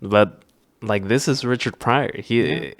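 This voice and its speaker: Slow, low-voiced young man chatting. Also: animated, dry recording, clean studio sound. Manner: rambling with many fillers and restarts. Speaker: podcast host. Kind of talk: casual chat.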